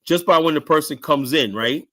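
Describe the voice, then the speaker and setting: A middle-aged man talks through his stories in a loose, rambling podcast chat. His voice sits a bit higher than most men's, and he keeps tossing "right?" and "whatnot" onto the ends of his sentences. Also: moderate pace. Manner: rambling storyteller, keeps adding "right?" and "whatnot", shouts out quoted lines. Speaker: guest telling security stories.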